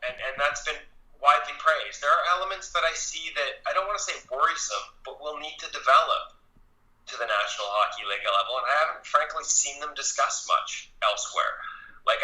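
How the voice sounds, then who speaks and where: A man's voice: medium pitch, sharp tone, reverberant, rough recording. A man being interviewed as a goaltending analyst, talking thoughtfully and hedging his points with frequent restarts.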